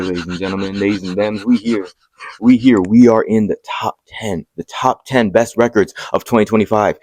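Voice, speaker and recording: A young man hosts an album countdown in a loose, excitable way, with swearing and joking asides between entries. His voice sits low, and the recording is dry and close. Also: no echo. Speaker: music video host.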